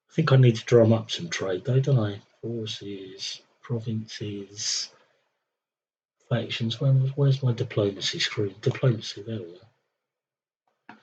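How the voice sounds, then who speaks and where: A man's voice: fairly low pitch, a little mellow, muffled recording, slight background noise. A young man streaming a strategy game, thinking aloud with wry, muttered commentary. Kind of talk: casual live gameplay commentary.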